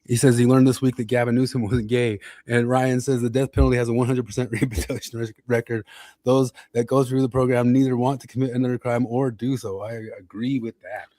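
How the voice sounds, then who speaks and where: A man's voice: medium pitch, level tone, quick pace, mellow, no echo. Brief: male host, casual, rambling delivery, reads viewer comments, dry studio sound. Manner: rambling, with restarts and reading chat comments aloud. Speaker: podcast host. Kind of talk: casual chat.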